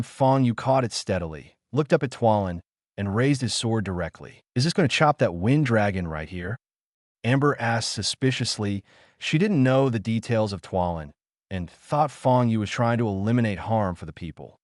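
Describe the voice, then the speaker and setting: Male audiobook narrator; low pitch, expressive swings, dry close sound. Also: no echo. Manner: reads all characters in one voice with few changes. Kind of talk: scripted narration.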